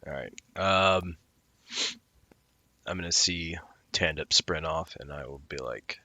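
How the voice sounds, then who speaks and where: A man's voice: a bass voice, slow pace, bright, forceful tone, dry recording. A man playing a tabletop game, laid-back and thinking aloud as he takes his turn. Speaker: player. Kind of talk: casual tabletop play.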